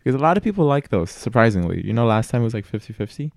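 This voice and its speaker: A young man hosting a podcast in casual chat, laughing often and talking in an animated way. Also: mid-range voice, very fast, gravelly, no echo. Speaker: podcast host.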